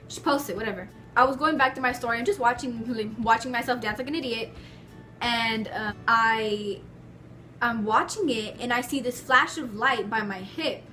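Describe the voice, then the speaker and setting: A young woman vlogger telling stories to the camera from her bedroom, in a chatty, animated way full of filler words. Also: fairly high pitch. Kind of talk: casual storytelling to camera.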